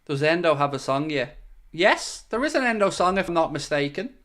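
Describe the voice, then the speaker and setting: A man hosting a live football watchalong stream, chatting casually, answering viewer messages and bursting out loud when goals go in. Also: fairly high pitch, a little fast. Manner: excitable, swings between chatty asides and loud bursts at goals. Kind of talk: live casual commentary and chat.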